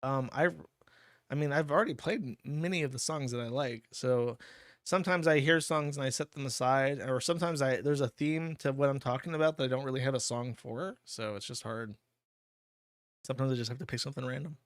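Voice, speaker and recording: A man's voice: mid-range voice, brisk, no room sound, studio quality. Crude offhand man hosting a stream. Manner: blunt, crude and offhand, laughs often. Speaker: livestream host reading donations. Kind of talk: casual streaming commentary.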